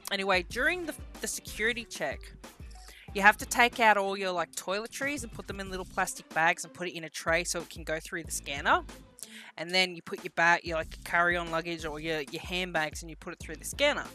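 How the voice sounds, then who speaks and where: A woman's voice: lowish voice, brisk, faint music behind. A woman telling a story in a casual vlog, swearing freely and acting out what people said. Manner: lively storyteller, acts out quotes. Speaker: vlogger.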